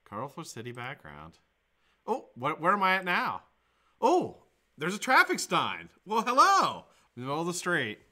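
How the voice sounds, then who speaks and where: A man's voice: on the high side, wildly swooping pitch, normal speed, sharp tone. A man hosting his daily live vaping show from home, chatting casually, joking and swearing as he rambles. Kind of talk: casual live-stream chat. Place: home room with green screen.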